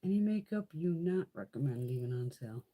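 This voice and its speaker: A woman's voice: low voice, expressive, a little fast, mellow. A woman casually chatting on a live beauty stream, rambling and swearing a lot. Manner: chatty, laughs often.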